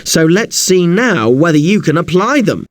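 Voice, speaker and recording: A man's voice: a little high, sing-song, moderate pace, noisy background. A man teaching an English spelling lesson, polite and a little apologetic, who spells words out letter by letter.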